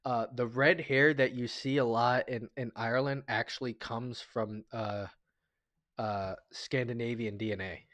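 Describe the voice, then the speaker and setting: Male streamer, casual chat, rambling and jokey, mid-pitched voice, close dry sound. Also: steady tone, unhurried, fairly bright tone, no room sound. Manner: rambling, chatty, stumbles and restarts often; sentimental, jokey, thanks viewers often. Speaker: livestreamer.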